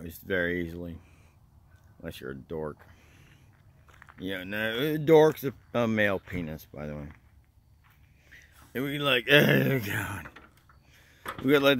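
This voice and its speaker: A man rambling through a casual vlog, drawling "man" and "oh God" constantly and jumping up to high excited squeals. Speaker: vlogger.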